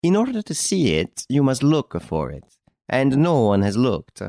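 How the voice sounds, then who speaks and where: Man reading a cool-headed chevalier sleuth, deliberate, lively rise and fall, dry audiobook sound. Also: mid-range voice, dry recording, pitched above the performer's own voice. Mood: calm. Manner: calm, smiling, deliberate explaining. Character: calm, clever gentleman detective, a chevalier.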